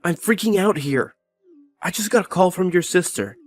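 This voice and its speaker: A man playing a cold, dismissive young husband who talks with scorn and is quick to blame, over faint background music. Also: medium pitch, animated, lightly acted. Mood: alarmed.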